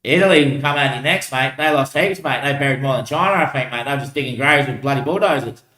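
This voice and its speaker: A man's voice: mid-range voice, fast, pushed and bright. A man rambling in casual chat, loose and swearing, laughing between lines. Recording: roomy echo.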